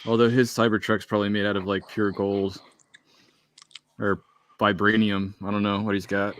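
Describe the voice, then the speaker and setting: A man's voice: fairly low pitch, little pitch movement, moderate pace. Wry man reading stream chat. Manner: wry, sarcastic asides. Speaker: livestream host reading chat. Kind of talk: casual livestream commentary.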